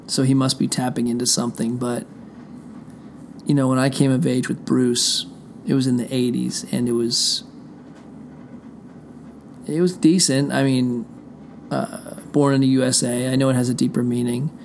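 A middle-aged man with a gravelly, fry-laced voice rambles through a casual monologue, swearing freely and drifting from one thought to the next. He speaks at an everyday pitch, straight to his listeners from a room indoors, with faint noise underneath. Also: little pitch movement, moderate pace, pauses often, a little mellow. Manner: profane, digressive, talks straight to listeners. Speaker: show host. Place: indoor room behind a closed door.

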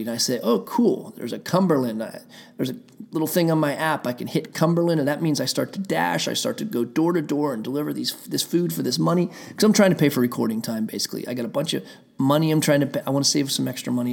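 A man's voice: mid-range voice, vocal fry, darkish tone. A man telling a heated, rambling story in a casual rant, swearing often and circling back on himself. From Pennsylvania.

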